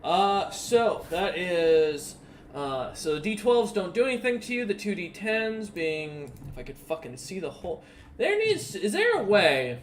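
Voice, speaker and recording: A man with a slightly raised pitch runs a tabletop game as dungeon master. He talks loosely and profanely, stalling on ums and uhs as he narrates and sorts out rules. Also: sing-song, slight background noise. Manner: casual, profane, halting with many ums and uhs. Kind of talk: running an online tabletop game.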